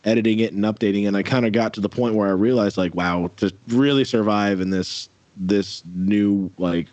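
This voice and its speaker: Rambling low-voiced man on a video call. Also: fairly even intonation, a little fast, darkish tone, dry recording. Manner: rambling, lots of fillers and restarts. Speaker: musician guest. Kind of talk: casual interview chat. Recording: dull lo-fi audio.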